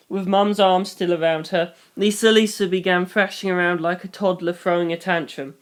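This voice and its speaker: A reader narrating a novel in first person, brisk with wry asides. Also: medium pitch, fairly even intonation, clean tone.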